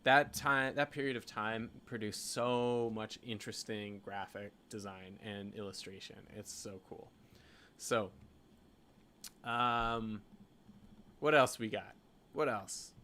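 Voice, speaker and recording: This Canadian graphic designer has a fairly low voice that sounds pushed and bright, and he takes his time. He rambles casually through a screen-share design vlog, thinking aloud and leaning on "like" and "you know."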